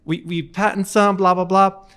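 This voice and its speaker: Man putting on a high, giddy older father who gushes and rushes. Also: level tone, a bit bright, smooth. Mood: gushing. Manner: high, rushed, gushing delivery. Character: excited older father, gushing about his crops.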